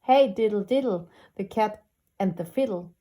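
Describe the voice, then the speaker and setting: A woman's voice: medium pitch, moderate pace, warm tone, close to an everyday voice. A woman voicing a hungry, vexed cat who sighs wistfully. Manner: sighing, wistful.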